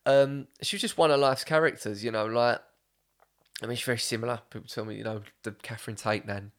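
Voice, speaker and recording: A man's voice: medium pitch, fairly even intonation, a little fast, a bit bright. A young man, hosting a casual podcast chat, rambling through stories with lots of swearing and laughter. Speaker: podcast host.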